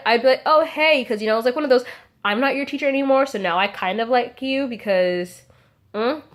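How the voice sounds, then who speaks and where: A young adult woman telling a casual storytime to her vlog audience, chatty and full of "like" fillers. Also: fairly high pitch. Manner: chatty, frequent "like" fillers, acts out quotes. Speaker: vlogger.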